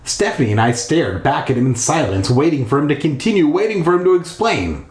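A man's voice: a little high, sing-song, a little fast, hardly any pauses, a little mellow. A man reading a horror storybook aloud from his bathtub, with crude rambling asides. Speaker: storybook reader. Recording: echoey bathroom.

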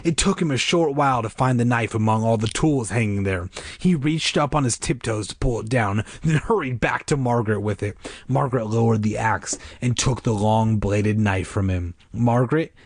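A man's voice: medium pitch, normal speed, slightly rough, no room sound, clean studio sound. A man reading a children's horror book aloud casually, putting on voices and joking between lines. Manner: reads aloud with exaggerated character voices and joking asides. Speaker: amateur reader.

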